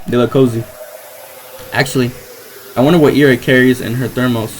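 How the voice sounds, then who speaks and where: A man's voice: mid-range voice, steady tone, brisk, slight background noise, rough recording. A young man playing a visual novel, reading the text aloud and rambling hesitantly between lines, full of fillers and restarts.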